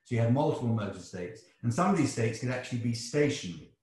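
A man's voice: mid-range voice, animated, darkish tone. English man thinking aloud, echoey. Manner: thinking aloud, halting restarts. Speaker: seminar speaker. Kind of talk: academic Q&A answer. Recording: echoey room.

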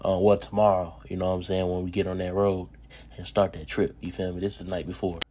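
A man's voice: low voice, flat delivery, fast talker, heavy background noise. A man casually explaining a bet with his friend, laid-back and joking. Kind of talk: casual chat and piece-to-camera.

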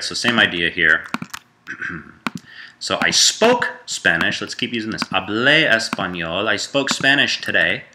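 A man's voice: sits low, noisy background. A man giving a casual grammar lesson, talking loosely with fillers and self-corrections. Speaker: Spanish teacher.

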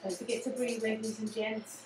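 A woman's voice: fairly high pitch, little pitch movement, moderate pace. English lady fitness instructor, out of breath, far from the mic, music playing. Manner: encouraging, repeats cues like "again" and "yeah". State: out of breath at times. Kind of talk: guided exercise class. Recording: echoey room, distant mic, music.

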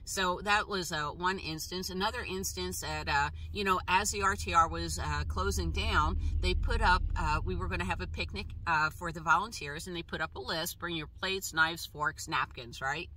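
Bright-toned woman telling halting stories. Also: lowish voice. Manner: halting, with frequent pauses, restarts and fillers. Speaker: travel vlogger. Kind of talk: casual personal storytelling.

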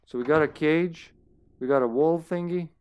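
A man streaming a horror game, talking casually to himself as he plays, often trailing off into quiet mutters. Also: fairly high pitch, normal speed, muffled recording, slight background noise. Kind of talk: casual gameplay commentary.

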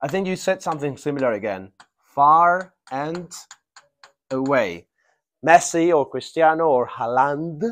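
A man's voice: fairly high pitch, expressive, a little slow. A man teaching an English grammar class, repeating phrases, laughing and checking that students follow. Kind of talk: live classroom grammar lesson.

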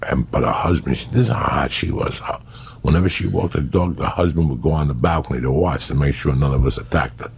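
A man's voice: extremely low pitch, fast talker, creaky, background noise. A middle-aged man rambling through profane, raunchy comic stories as a guest storyteller.

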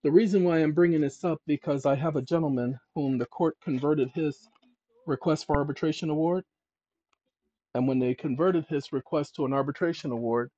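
A man hosting a channel, explaining legal procedure to viewers in an emphatic, conversational way and thinking aloud as he looks through documents. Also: fairly high pitch. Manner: emphatic, addresses viewers as ladies and gentlemen. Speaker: channel host. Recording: dull lo-fi dry recording.

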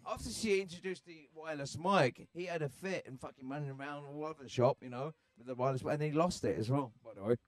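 A man's voice: fairly high pitch, fast, hardly any pauses, dry recording. An English man, a podcast guest, rambling and joking in crude casual chat. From England.

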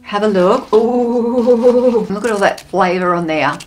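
A woman's voice: mid-range voice, takes it slowly, darkish tone, slight background noise. An Australian woman chatting bubbly and casually as she taste-tests snacks for her vlog, exclaiming and thinking aloud.

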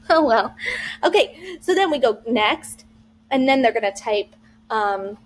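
A woman's voice: a little high, measured pace, a little hiss or hum. A woman Spanish teacher talking other teachers through an online lesson, bubbly and playful, mixing in Spanish phrases. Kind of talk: teacher vlog walkthrough.

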